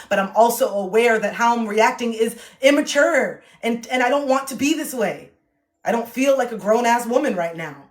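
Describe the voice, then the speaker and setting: A woman's voice: medium pitch, fairly quick. Woman in her thirties, relationship coach, blunt, emphatic, swears freely, motivational livestream talk. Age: 30s.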